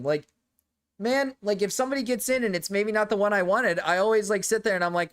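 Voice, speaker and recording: Woman streamer, loose profane rambling reactions, middle pitch. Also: a little fast. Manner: rambling and profane, with frequent laughter. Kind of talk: casual reaction commentary.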